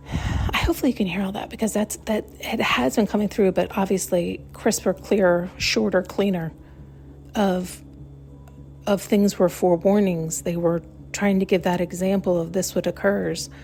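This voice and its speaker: A woman's voice: medium pitch, a little mellow. A woman hosting a podcast, talking in a rambling, blunt, casual self-help monologue and swearing freely. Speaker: podcast host.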